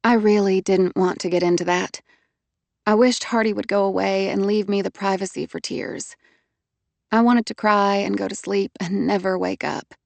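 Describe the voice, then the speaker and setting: A woman reading a first-person audiobook in a quiet, halting way. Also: medium pitch, vocal fry, no echo. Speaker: audiobook narrator.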